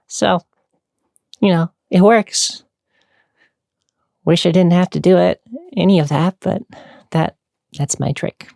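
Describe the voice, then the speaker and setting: Creaky-voiced woman chatting to camera. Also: fairly low pitch, a little mellow, no room sound, studio quality. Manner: chatty, rambling, laughs between thoughts. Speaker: online creator answering fan questions. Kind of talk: casual Q&A chat to camera.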